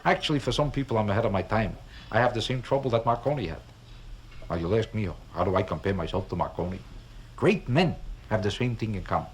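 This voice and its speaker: A man's voice: lowish voice, expressive, quick pace. A man performing a live stand-up routine as a comedian, talking in a wry, kvetching way and firing off rhetorical questions from a stage. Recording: crackly old vinyl record with clicks.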